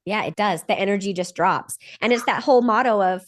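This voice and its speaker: A woman's voice: medium pitch, a little fast. A woman hosting a podcast, enthusiastic and laughing easily, with lots of "like" in her chat. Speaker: podcast host.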